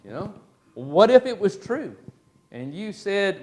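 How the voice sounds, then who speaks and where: A man's voice: high-pitched, normal speed. Folksy man telling a story to a class. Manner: folksy, animated storytelling with many fillers. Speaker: Bible class teacher. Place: church classroom.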